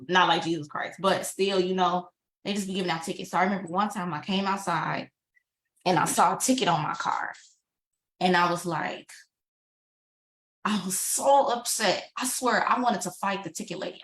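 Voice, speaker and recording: A woman's voice: mid-range voice, a bit bright. A young woman from Chicago, a yoga and spiritual teacher, giving a casual live-stream talk in a chatty, informal way. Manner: chatty and informal, addresses viewers as "y'all".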